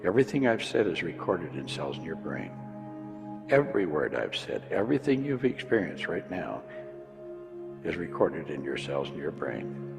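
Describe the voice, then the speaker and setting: A man leading a guided hypnosis, speaking in slow, soothing, repetitive commands. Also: a bass voice, very animated, vocal fry. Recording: reverberant recording with music underneath.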